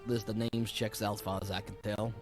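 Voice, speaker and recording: A man's voice: fairly low pitch, little pitch movement, fairly quick, over music. A man narrating a tabletop game as game master in a laid-back, hesitant way.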